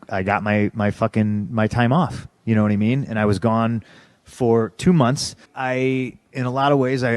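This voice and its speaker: Man, interview guest, low-pitched voice, blunt and profane, stammering restarts, dry close sound. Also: a little mellow, no room sound. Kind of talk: candid conversational storytelling.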